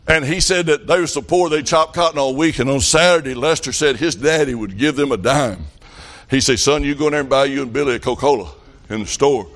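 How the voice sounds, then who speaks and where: Folksy preacher man, fairly high voice. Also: a bit bright. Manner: folksy storytelling preacher, rising to fervent calls. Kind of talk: revival sermon.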